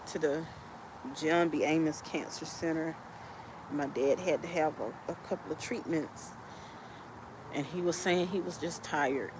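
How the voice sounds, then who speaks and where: A woman hosting a podcast, telling a personal story in a halting, heartfelt way while tearful. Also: deep voice. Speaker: podcast host. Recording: noticeable background noise.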